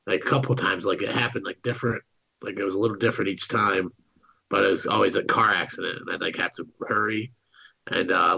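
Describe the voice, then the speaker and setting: A man's voice: on the low side, creaky, bright, forceful tone, slightly rough, muffled recording. A young man co-hosting a crude late-night podcast, rambling and swearing with lots of fillers. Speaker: co-host.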